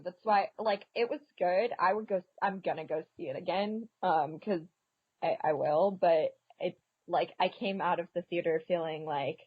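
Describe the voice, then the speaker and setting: A woman guesting on a podcast chats casually and talkatively about a film in a movie review conversation, laughing often and saying "like" a lot. Her voice is on the low side and husky, with lo-fi sound and no room sound.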